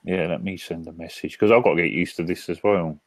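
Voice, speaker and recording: A British man hosts a casual live-stream chat from his front room at home. His voice sits low, and the sound is dry and close. He talks in a hesitant way, restarting his sentences and filling gaps with ums. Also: steady tone, no echo. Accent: British English. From Britain. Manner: hesitant, halting with restarts and fillers. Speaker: host.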